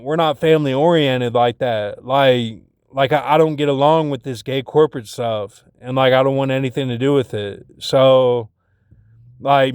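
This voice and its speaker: A man's voice: medium pitch, darkish tone, smooth, no room sound, clean studio sound. A man talking in a rambling personal monologue, packed with fillers and restarts, getting agitated when he retells arguments.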